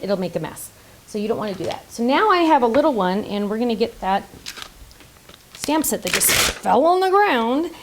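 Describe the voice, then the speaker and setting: A woman's voice: high-pitched, slight background noise, low-quality recording. A woman hosting a casual card-making tutorial, chatty and playful, making silly sound effects and joking about herself. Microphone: top-down camera setup.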